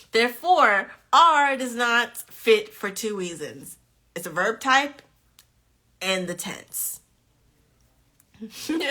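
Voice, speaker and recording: Pushed and bright at a medium pitch, a woman's voice runs a live online quiz for nursing students. She reads the questions aloud with frequent laughter, chatty and playful throughout this casual live-stream teaching.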